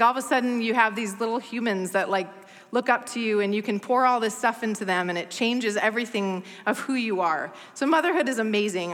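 A woman's voice: mid-range voice, bright, forceful tone. A woman in her thirties giving a chatty, self-deprecating talk to a church congregation, full of playful asides. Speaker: guest speaker at a church service. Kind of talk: humorous personal talk to a congregation. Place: church hall. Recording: long hall reverb.

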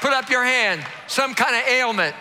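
A man's voice: extremely high pitch, animated, normal speed, crowd noise, noisy background. A man preaching as pastor, rousing his congregation and leading them in call-and-response. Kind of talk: sermon. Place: large church hall.

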